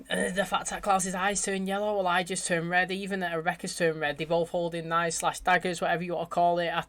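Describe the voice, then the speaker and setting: Young english guy reacting to a show, casual and chatty, keeps saying mate. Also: a little high. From England. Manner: chatty, animated, says "mate" a lot. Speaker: TV reaction host.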